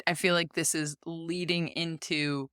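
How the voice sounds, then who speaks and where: A woman's voice: low-pitched, level tone, unhurried, fairly bright tone, dry recording. Woman in her 30s hosting a podcast, chatty, pokes fun at herself, dry sound. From United States. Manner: chatty, self-deprecating. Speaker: podcast host. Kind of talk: casual interview.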